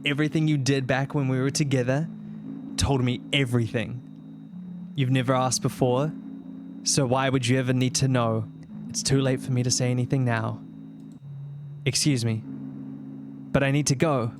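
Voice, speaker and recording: Guy doing a tired middle-aged wife, low and hushed, calm and resigned, faint music behind. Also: normal speed, long pauses, close to an everyday voice. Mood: weary, resigned. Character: soft-spoken middle-aged woman shopkeeper's wife, weary.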